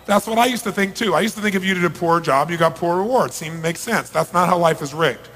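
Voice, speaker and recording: A man's voice: high voice, fast talker. Emphatic man speaking in a large hall. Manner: emphatic, swings from hushed to shouting. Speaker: motivational speaker. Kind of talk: live seminar talk to an audience. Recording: long reverb of a large hall.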